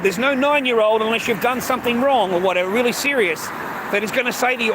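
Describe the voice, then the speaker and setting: A man's voice: extremely high pitch, fast talker. A middle-aged Australian man ranting casually to the camera, agitated and profane, repeating himself and calling the listener mate. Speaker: vlogger. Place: outdoors by a road. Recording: outdoor street noise, traffic.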